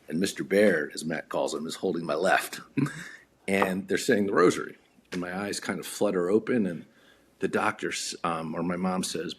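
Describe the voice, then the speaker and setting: Brief: low, husky male podcast guest, a lively storyteller who acts out the voices. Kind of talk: casual storytelling.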